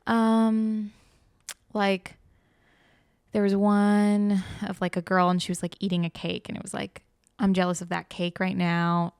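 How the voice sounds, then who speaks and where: A woman's voice: mid-range voice, level tone, unhurried, darkish tone, clean tone, no room sound, clean studio sound. A young woman chatting on a podcast, telling a story with animation and acting out the quotes. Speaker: guest host. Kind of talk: casual podcast chat.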